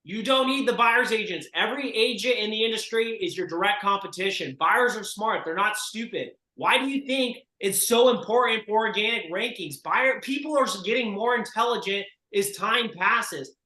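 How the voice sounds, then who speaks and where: A man coaching real estate agents in a group session, forceful and emphatic as he urges them on. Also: sits high, moderate pace, few pauses, reverberant, rough recording. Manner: forceful and emphatic, urging listeners on.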